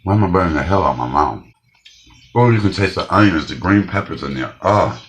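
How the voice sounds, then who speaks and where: A Detroit man hosts a casual home cooking vlog, tasting his food and talking bluntly right to the viewers. His deep voice is animated and brisk.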